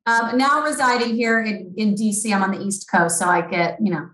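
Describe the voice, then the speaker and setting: A woman's voice: medium pitch, normal speed, a bit bright. A woman in her thirties with a Southeast Missouri accent, chatting casually as a podcast guest, often repeating words as she starts a thought. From rural Southeast Missouri. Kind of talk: casual chat. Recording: roomy echo.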